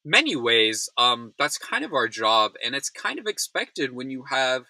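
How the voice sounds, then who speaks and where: A man's voice: medium pitch, sing-song, a little slow, sharp tone, no echo, poor audio. A man hosting a solo news recap in a casual, rambling way, full of fillers, yawning and sounding frazzled. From United States. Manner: tired, rambling, self-deprecating, many fillers.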